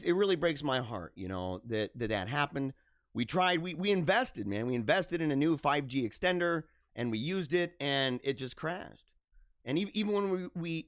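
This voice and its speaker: A man hosting a live stream, chatting casually with viewers in a joking, animated way, laughing often and stumbling over his words. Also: fairly high pitch, no echo, studio quality. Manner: animated, joking, frequent laughs and stammered restarts.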